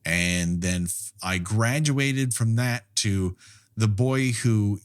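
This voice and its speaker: A man's voice: fairly low pitch, takes it slowly. A man co-hosting a podcast, chatting casually about a film, laughing often, swearing freely and going off on rambling asides. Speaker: podcast co-host.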